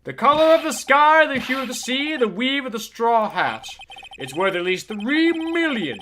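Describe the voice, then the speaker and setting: A man's voice: very high-pitched, sing-song, normal speed, fairly bright tone, a little hiss or hum, voice pushed up, exaggerated voice. A man voicing a pompous, lewd older male lawyer in a game, with a grandiose, over-the-top delivery. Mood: proud. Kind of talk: reading game dialogue aloud.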